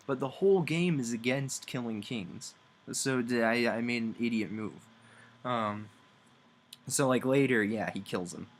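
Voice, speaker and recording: A man's voice: mid-range voice, moderate pace. A young man casually talking through a video game story, rambling, with many fillers and frequent chuckles. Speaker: game reviewer.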